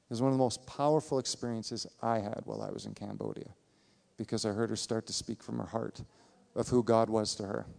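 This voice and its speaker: A man speaking to a church congregation, warmly recounting a mission trip with enthusiasm and frequent fillers. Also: lowish voice, steady tone, a little fast, creaky. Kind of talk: church service announcement.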